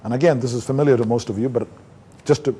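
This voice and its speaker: A fast-talking man from India with a slightly rough, mid-range voice lectures at a neurology conference. Animated throughout, he recounts case stories and acts out his talks with patients.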